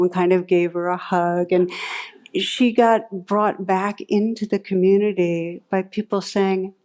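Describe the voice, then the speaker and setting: A woman's voice: medium pitch, a little slow. Woman meditation teacher telling a story. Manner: warm storytelling, lively when recounting anecdotes. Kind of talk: dharma talk to a live audience.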